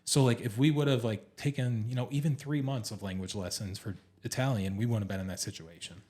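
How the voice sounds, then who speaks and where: A man's voice: mid-range voice, steady tone, fairly quick, darkish tone. A man in his thirties co-hosting a podcast, talking in a laid-back way full of "like" fillers. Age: 30s. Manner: easygoing, lots of "like" fillers. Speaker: podcast co-host. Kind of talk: casual chat.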